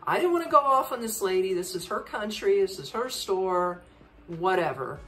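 Woman telling a travel story, really lively pitch, chatty, acts out the voices, faint music behind. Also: normal speed, recorded from a distance. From United States. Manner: animated, chatty, acts out dialogue. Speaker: podcast host.

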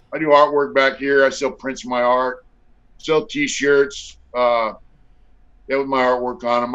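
A man's voice: medium pitch, sharp tone. A middle-aged man telling stories on a video call interview in a blunt, profane, laid-back way full of fillers. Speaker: guest. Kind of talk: casual storytelling interview. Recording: dull lo-fi audio.

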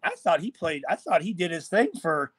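Animated, profane ex-player telling stories. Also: male voice, fairly high pitch, moderate pace, husky, no echo. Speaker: former NFL player guest. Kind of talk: casual storytelling chat. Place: hotel room.

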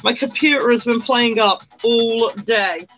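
A woman's voice: fairly high pitch, a little slow, a bit bright, soft background music, rough recording. A woman chatting casually on a makeup live stream, greeting viewers by name and bursting into little sung bits. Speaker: livestreamer doing makeup.

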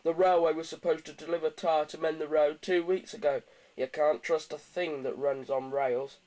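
A man's voice: a little high, fairly even intonation, normal speed, a little mellow, close to an everyday voice. A man voicing a grumpy, put-upon male bus in a storybook reading, grumbling as he talks.

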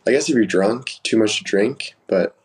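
A young man with a fairly low voice hosts a casual live stream. He rambles candidly through personal stories and answers comments from viewers as they come in. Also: moderate pace, low-quality recording. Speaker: livestream host. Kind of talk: casual livestream chat.

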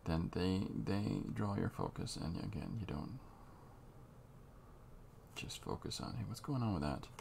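A man talking through a drawing tutorial as he works, unhurried and halting, thinking aloud. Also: low voice, huge pitch swings, vocal fry, mellow, a little hiss or hum. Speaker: comic artist drawing on camera.

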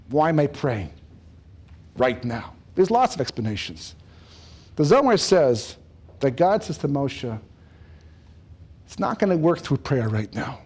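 Male rabbi lecturer, higher voice, lively and animated, jokes and laughs through the talk. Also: normal speed. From lives in Israel. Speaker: rabbi giving a Torah talk. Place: lecture room.

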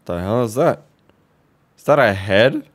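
A man with a fairly low voice hosts a let's play. He banters loosely, cracks jokes and drops the odd swear as he reacts to what happens on screen. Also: expressive. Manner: jokey, swears, quick reactions. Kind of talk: casual gaming commentary.

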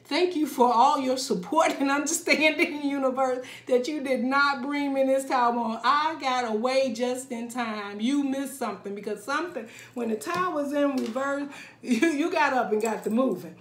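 Laughing, animated woman tarot reader. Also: high-pitched, moderate pace, echoey room. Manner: animated, laughs often, acts out quoted voices. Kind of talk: casual tarot reading.

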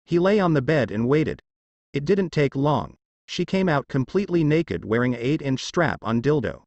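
A man narrating a fanfiction story in an expressive storytelling manner. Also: medium pitch, normal speed, no room sound, dull audio.

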